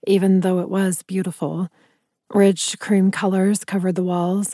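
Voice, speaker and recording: A woman reads a first-person fantasy novel aloud in a measured, wry manner. Her voice is mellow and warm, recorded very dry and close. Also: medium pitch, dry recording. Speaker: audiobook narrator.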